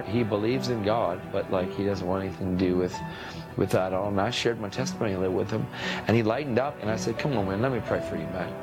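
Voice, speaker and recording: Man, deep-ish voice, casual testimony, loud music under. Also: quick pace.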